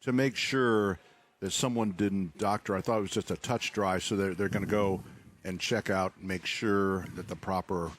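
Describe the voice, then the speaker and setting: Low-voiced guy rambling on radio, jokey, pokes fun at himself. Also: fairly even intonation, normal speed. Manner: joking, rambling, self-mocking. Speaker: garden center owner on radio show. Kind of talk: casual radio chat.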